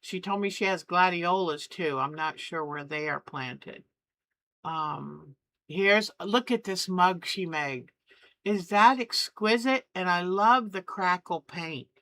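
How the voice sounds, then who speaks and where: A woman's voice: fairly low pitch, fairly bright tone, no echo. A middle-aged woman hosting a quilting channel, chatting and gushing as she shows family photos. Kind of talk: casual chat while showing photos.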